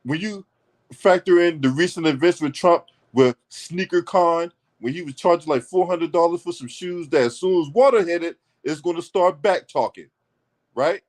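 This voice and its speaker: A man with a fairly high voice tears into politics in a heated, profane commentary rant. He is blunt and mocking, swearing at every turn as he talks straight to his audience. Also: moderate pace, a little mellow.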